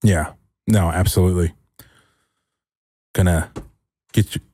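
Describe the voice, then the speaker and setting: A man's voice: deep voice, a little slow, husky, no echo, studio quality. A man co-hosting a podcast, teasing his guest in casual chat and laughing often. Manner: animated, teasing, laughs a lot. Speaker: podcast co-host.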